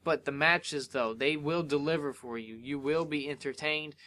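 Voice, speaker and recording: A young man hosting a solo wrestling review podcast, retelling events in an excitable, animated way with lots of fillers. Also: on the high side, moderate pace. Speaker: podcast host.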